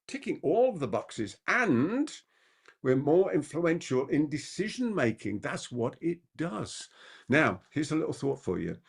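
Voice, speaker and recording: A man giving a live masterclass on persuasion as a trainer. He talks quickly and keeps asking the audience rhetorical questions. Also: creaky, slightly rough. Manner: animated, with big pitch swings.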